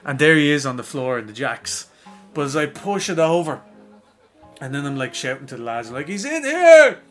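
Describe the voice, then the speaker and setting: A man's voice: medium pitch, a little fast, soft background music. A man with a Dublin Irish accent telling a long pub story in casual podcast chat. He swears constantly and acts out other people's lines. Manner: animated, profane storyteller acting out voices.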